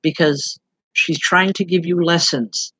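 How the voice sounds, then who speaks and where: A woman's voice: on the low side, steady tone, unhurried, a bit bright, husky, no echo, low-quality recording. Earnest woman giving spirit readings. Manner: earnest, direct, addresses sitters by name. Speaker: psychic medium giving readings. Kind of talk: live online spirit reading.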